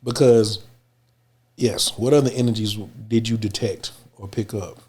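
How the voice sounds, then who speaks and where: Male host, mellow tone, halting, restarts questions. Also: fairly low pitch, fairly even intonation, husky. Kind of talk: interview questions.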